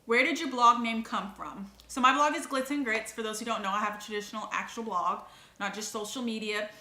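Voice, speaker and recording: Bright, chatty Texan woman in her thirties. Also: a little high. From Texas, Dallas area. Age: 30s. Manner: chatty, quick, rambling asides. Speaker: lifestyle and travel blogger. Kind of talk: casual vlog Q and A. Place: inside a historic house. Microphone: on-camera mic of a DSLR. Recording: echoey room.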